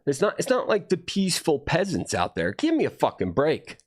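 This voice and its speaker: A man delivering a rambling, profane monologue to camera, swinging between low muttering and heated outbursts. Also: wildly swooping pitch, brisk. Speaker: video host.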